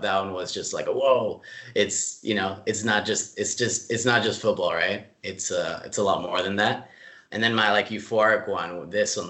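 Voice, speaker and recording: A man telling stories in a casual interview, relaxed and full of fillers, laughing easily. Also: sits low, reverberant. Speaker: club staff member being interviewed.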